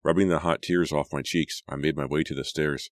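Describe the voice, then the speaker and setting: Very deep-voiced male audiobook reader. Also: steady tone, a little fast, dry recording. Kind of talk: audiobook narration.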